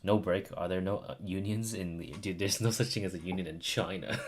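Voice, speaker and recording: A man's voice: deep voice, fairly even intonation, a little fast, a little hiss or hum. A man streaming a video game, giving casual, wry, offhand commentary that includes swearing.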